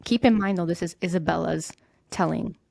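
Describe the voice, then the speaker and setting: A woman's voice: on the low side, fairly quick, gravelly, a crowd in the background. A young woman hosting a podcast, telling a true-crime story in a loose, conversational way and swearing casually. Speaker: podcast host.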